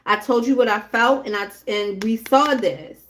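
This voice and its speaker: A woman's voice: on the high side, normal speed, fairly bright tone, a little hiss or hum. A woman giving a casual live tarot reading, talking bluntly and chattily straight to her viewers. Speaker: tarot reader.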